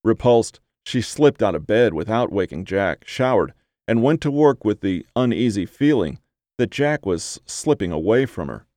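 A man with a fairly low voice reads a horror story in a measured, even way. The sound is dry and close, with no room echo. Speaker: narrator. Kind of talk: horror audiobook reading.

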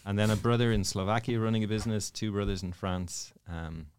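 Soft-spoken Irish priest in his thirties. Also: fairly low pitch, brisk, slight background noise. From Ireland. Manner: storytelling, self-deprecating, soft-spoken. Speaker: priest, guest. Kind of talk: casual chat.

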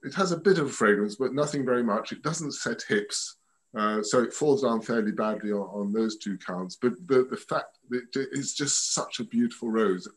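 A man's voice: medium pitch, moderate pace, low-quality recording. A man from France, a guest rose expert, chatting casually over a video call from home in a rambling, hesitant way. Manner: rambling, hesitant, restarts often. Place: at home by a window.

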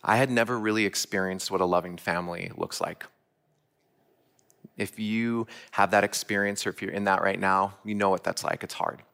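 A man's voice: low voice, fairly even intonation, moderate pace, gravelly, fairly bright tone. A man giving a sermon, telling a personal story earnestly and asking the listeners direct questions. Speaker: church speaker.

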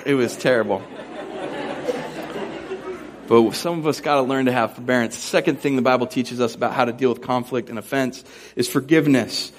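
Crowd noise and other background noise surround a young adult man preaching as a pastor. His medium-pitched voice is brisk as he shares a funny, self-deprecating personal story with animation before shifting to scripture.

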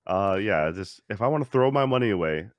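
A man's voice: on the low side, expressive, fairly quick, no room sound, dull audio. A man co-hosting a podcast over a call, laid-back, with a dry, wry humor. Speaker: podcast co-host. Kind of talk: casual podcast chat. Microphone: remote call mic.

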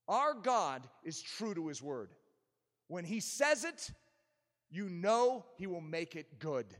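A man preaching an impassioned sermon as pastor, building to forceful emphasis. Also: sits high, in a large hall.

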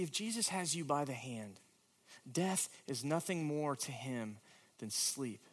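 A man preaching a sermon with a dramatic delivery that moves between hushed, quiet moments and emphatic, louder questions. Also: mid-range voice, expressive, a little slow. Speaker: pastor.

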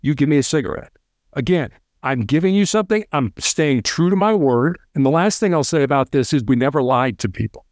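A man who is a former SWAT hostage negotiator, talking fast in an interview and often restarting with repeated words. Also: fairly high pitch, lively intonation, dry recording, clean studio sound. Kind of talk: casual interview storytelling.

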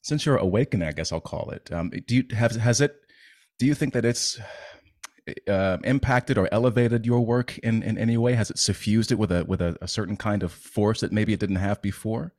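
Halting low-voiced male interviewer. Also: a little mellow. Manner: emotional, halting and wordy questions. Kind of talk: interview conversation.

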